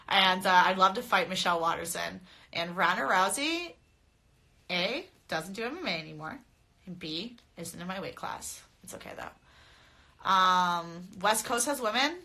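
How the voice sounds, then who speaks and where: Bright-voiced woman, blunt and profane. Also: mid-range voice, lively intonation, measured pace, pauses often. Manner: blunt, profane and laughing, talks straight to viewers. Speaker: mixed martial arts fighter. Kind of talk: casual live-stream chat. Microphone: phone camera.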